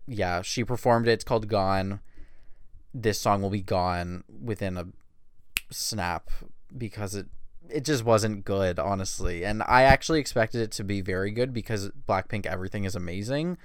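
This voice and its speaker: A man's voice: lowish voice, moderate pace, clear, resonant tone, dry recording, studio quality. A man in his late twenties giving blunt, sarcastic celebrity gossip commentary, with frequent swearing. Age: late 20s.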